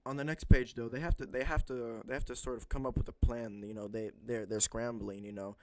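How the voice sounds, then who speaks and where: A man's voice: mid-range voice, fairly even intonation, brisk, darkish tone, dry recording. A man casually recapping a comic book issue, rambling with lots of fillers and chatty asides.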